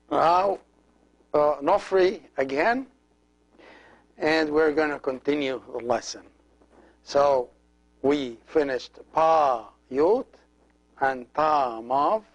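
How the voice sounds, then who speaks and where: Slow, careful man teaching a language. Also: medium pitch, poor audio. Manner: slow, careful, repeats each word for practice. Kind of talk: language lesson.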